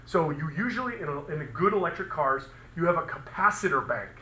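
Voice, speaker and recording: A man's voice: on the high side, lively intonation, brisk, pushed and bright. A man teaching a physics class in a casual, chatty way, asking the students questions and making sound effects. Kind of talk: classroom lecture. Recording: echoey classroom recording.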